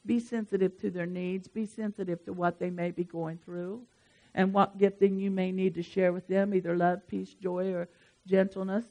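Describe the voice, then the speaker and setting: A pastor, preaching a sermon in a lively, emphatic way and speaking straight to the congregation. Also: mid-range voice, normal speed, lo-fi sound.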